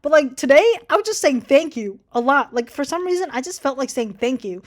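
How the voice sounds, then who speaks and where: A woman's voice: high-pitched, animated, fairly quick. A young woman telling a casual storytime, chatty and swearing a lot, voicing people she quotes with animation. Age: young adult. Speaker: vlogger.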